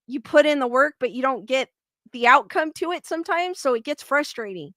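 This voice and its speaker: Bright, high-voiced woman streamer. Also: brisk, no room sound. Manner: rambling and candid, with restarts and frustrated venting. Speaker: paranormal YouTube host live-streaming. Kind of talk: casual livestream chat, reading viewer comments.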